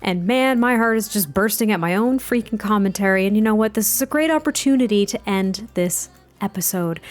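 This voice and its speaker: A woman hosting a life-sim let's play, narrating in an animated, gushing way and laughing often. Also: medium pitch. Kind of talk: life-sim game commentary.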